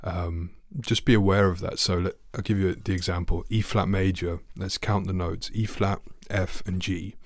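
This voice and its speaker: A man's voice: low voice, fairly even intonation, normal speed, few pauses, no room sound, clean studio sound. A man teaching a trombone lesson online, friendly and asking the viewer questions. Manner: friendly, asks the viewer questions, sings notes.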